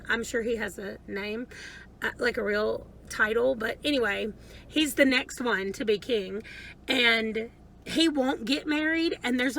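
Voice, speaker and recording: Woman, high voice, bright tone, chatty book review, rambling. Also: poor audio. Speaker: book vlogger. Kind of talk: casual book review chat.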